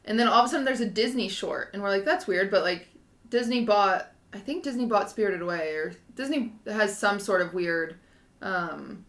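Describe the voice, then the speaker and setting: Young woman in her 20s, bright voice, rambling animated story, lots of um and like, kinda echoey room. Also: medium pitch, moderate pace. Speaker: podcast co-host. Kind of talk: casual chat.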